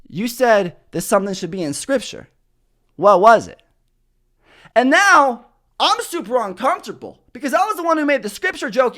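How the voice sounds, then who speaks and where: A man hosting a comedy podcast, telling stories in a loud, prominent voice that carries, with plenty of cursing. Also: very high voice. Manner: animated storytelling with cursing. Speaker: podcast host. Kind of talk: comedic monologue. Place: studio.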